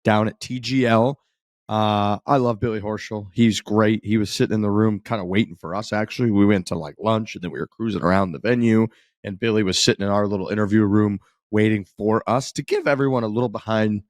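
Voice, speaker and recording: A laid-back man hosting a podcast, rambling a little with a wry edge. His voice sits on the low side. The recording is dry and close. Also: steady tone, a little fast, dry recording. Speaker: podcast host. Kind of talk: casual chat and show intro.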